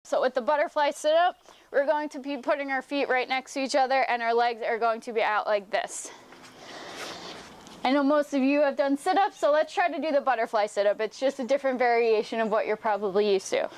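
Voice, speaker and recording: With a high voice and a fairly quick delivery, a young woman walks viewers through a home workout, describing each exercise step by step as she performs it and occasionally getting winded.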